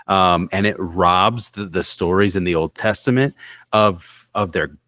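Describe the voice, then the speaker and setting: Low-voiced man, halting and repetitive. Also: bright, forceful tone, no echo. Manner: hesitant, repeats words, lots of likes and you knows. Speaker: podcast co-host. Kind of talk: casual podcast discussion.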